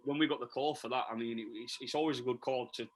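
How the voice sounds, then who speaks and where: A man's voice: medium pitch, steady tone, quick pace, slight background noise, poor audio. A man with a Leeds accent, a DJ talking chattily and eagerly as a podcast guest, with lots of restarts and fillers. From Leeds, England. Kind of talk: casual podcast interview.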